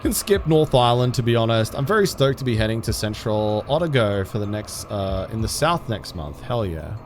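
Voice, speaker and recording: A man's voice: on the low side, sing-song, normal speed, a little hiss or hum. A young man livestreaming a game, chatting casually and self-deprecatingly with viewers, often restarting his sentences. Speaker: game streamer.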